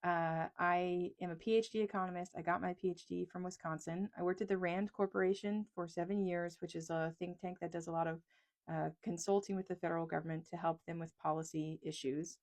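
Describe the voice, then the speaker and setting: An economist from East Texas who makes videos chats frankly to camera, poking fun at herself. Her voice is lowish, fairly even in intonation and a little fast. She records in a small closet with a lapel mic clipped on a pencil.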